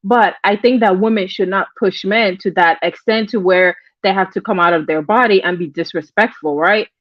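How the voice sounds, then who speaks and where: A woman's voice: mid-range voice, moderate pace, dry recording, lo-fi sound. A woman hosting a casual livestream, chatting with viewers, greeting them by name and often repeating her phrases. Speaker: livestream host.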